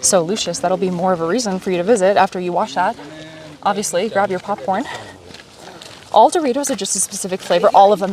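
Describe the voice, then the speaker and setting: A woman's voice: mid-range voice, quick pace, far from the mic. Chatty woman streaming outdoors. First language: Polish. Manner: chatty, animated, talking to chat while hiking. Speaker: livestreamer. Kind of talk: casual live stream chat. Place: outdoors on a lakeside trail.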